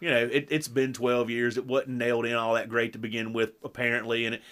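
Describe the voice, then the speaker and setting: Talking fast in a medium-pitched voice, a middle-aged man co-hosts a podcast and shares home stories in casual conversation. He gets animated, voicing the dialogue as he quotes it.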